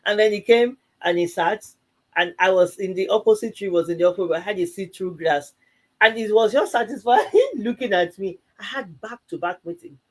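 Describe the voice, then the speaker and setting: Animated woman telling a story. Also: medium pitch, normal speed. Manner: animated, laughing, acting out both sides of a story. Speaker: co-host of a live church talk show. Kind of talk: casual conversational storytelling.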